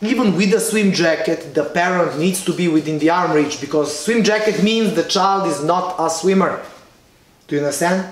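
High-voiced man with a strong accent. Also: normal speed. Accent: Eastern European. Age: middle-aged. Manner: firm, direct teaching with acted-out whistle commands. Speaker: lifeguard instructor. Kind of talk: instructional talk to camera. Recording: echoey room.

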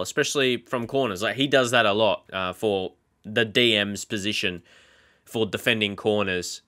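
A young man chatting casually while he plays a football management game, rambling with many fillers and getting excited at big moments. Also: medium pitch. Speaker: gaming YouTuber. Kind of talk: casual Let's Play commentary.

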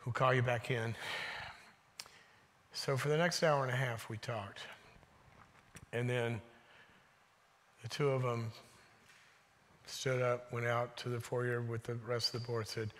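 A man giving a sermon, telling stories in an animated way and dropping to a hushed voice when quoting people. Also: mid-range voice, unhurried, pauses often, slight background noise. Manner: animated storyteller, drops to a hushed voice for quotes. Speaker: guest speaker. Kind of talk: sermon with storytelling. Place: church sanctuary. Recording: reverberant church hall.

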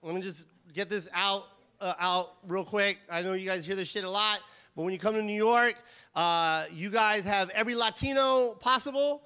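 A man from Los Angeles doing an animated, profane stand-up set. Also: high-pitched, normal speed, clear, resonant tone. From Los Angeles, USA. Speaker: stand-up comedian. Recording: comedy club mic with crowd noise.

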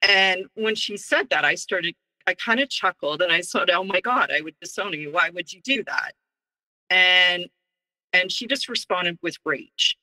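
Bright-voiced woman telling her story. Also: lowish voice, unhurried, low-quality recording. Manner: animated, acts out quoted dialogue. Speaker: guest. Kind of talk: personal storytelling interview.

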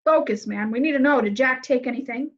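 A woman's voice: high-pitched, fairly quick. Woman reading as a cold, impatient prince. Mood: curt. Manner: cold, curt and commanding. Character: arrogant, impatient fairy-tale prince, grown man. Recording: slightly muffled lo-fi recording.

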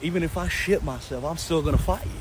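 A man's voice: a little high, fast talker, background noise. A man, a comedian teasing a friend in broken English in a skit.

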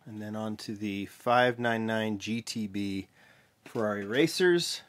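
Casting note: male vlog host, lowish voice, relaxed mumbly delivery, stops to correct himself. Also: a little slow. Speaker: vlog host, toy car collector. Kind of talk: casual show-and-tell vlog.

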